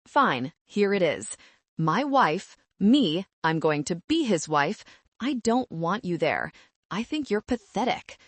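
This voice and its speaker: A woman's voice: mid-range voice, no room sound. A woman voicing a scornful young bride-to-be who talks down to people in a sneering, condescending way.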